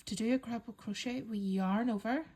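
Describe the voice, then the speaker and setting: A woman calmly talking learners through a crochet pattern step by step, counting stitches aloud and reassuring them. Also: fairly high pitch, moderate pace, breathy edge. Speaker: crochet instructor. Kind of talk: step-by-step craft tutorial.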